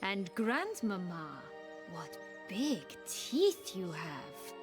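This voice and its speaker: A woman's voice: lowish voice, big pitch swings, very slow, exaggerated voice. An actress playing a playful, teasing young noblewoman in a video game. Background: game music.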